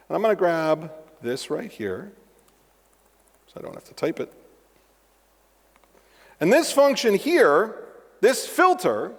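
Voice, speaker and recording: Animated man in an echoing hall. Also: high-pitched. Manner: animated and joking, with asides to the audience. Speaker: conference speaker. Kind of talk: live-coding tech talk. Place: large conference hall. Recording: long reverb of a large hall.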